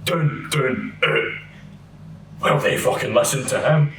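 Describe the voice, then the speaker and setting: A man's voice: takes it slowly, a bit bright, roomy sound, far from the mic, slight background noise. A Scottish man voicing a huge, menacing man who takes command and orders people down. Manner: booming, commanding. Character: huge menacing man taking charge on a train.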